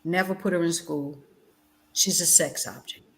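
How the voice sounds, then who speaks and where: Her voice gravelly and her pace moderate, a middle-aged former chaplain speaking as a guest educator tells stories on a video call. She is passionate and conversational, insists and repeats herself, and shifts from loud outbursts to low, quiet moments.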